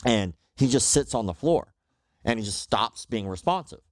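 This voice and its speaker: Male podcast guest, animated storyteller, mid pitch, dry close mic. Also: moderate pace, no room sound. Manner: animated storyteller, acts out quotes. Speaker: podcast guest, martial arts instructor. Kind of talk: casual podcast chat.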